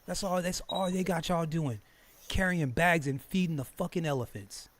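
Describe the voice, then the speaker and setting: High-voiced man ranting with laughs. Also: moderate pace. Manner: animated, laughing, stammering repeats, heated. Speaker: podcast host. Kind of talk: casual profane streamed talk.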